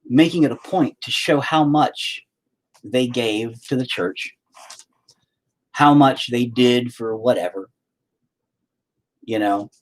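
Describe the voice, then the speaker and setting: A man's voice: mid-range voice, darkish tone. An American man who hosts his own channel rants casually and profanely while painting, with sarcastic asides. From United States. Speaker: channel host.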